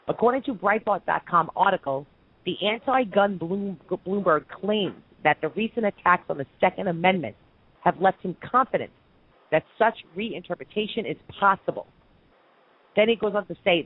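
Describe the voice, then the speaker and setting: A woman's voice: mid-range voice, expressive, fairly quick, slightly rough, no room sound, phone-quality sound. A woman from Brooklyn hosting a call-in radio show, ranting with heated opinions. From Brooklyn, New York.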